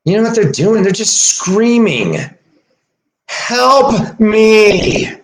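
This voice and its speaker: A man talking straight to his viewers in a long, rambling rant full of swearing. His voice sits fairly high and leaps around a lot, dropping to low mutters and then climbing to shouts, with short laughs between phrases. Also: very animated, moderate pace. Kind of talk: rambling profane monologue.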